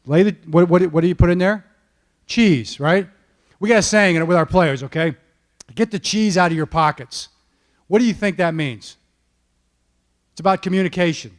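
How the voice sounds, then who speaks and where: A man with a noticeably high voice gives a motivational talk from an event stage. He tells stories in an animated way, checking in with the audience with "okay?" and "all right?" as he goes. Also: moderate pace, pauses often. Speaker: football coach giving a keynote talk.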